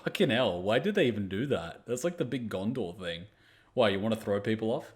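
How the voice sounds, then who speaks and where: A man hosting an anime reaction, talking casually over clips. His voice sits low. He is joking and blunt, with plenty of swearing. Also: expressive, fairly quick.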